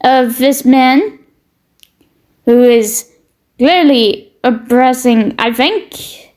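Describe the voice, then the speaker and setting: A high-pitched commentary streamer, a British woman whose accent sounds Canadian, reacts to social media posts with blunt opinions. She swears freely and stumbles over repeated words as she begins each thought.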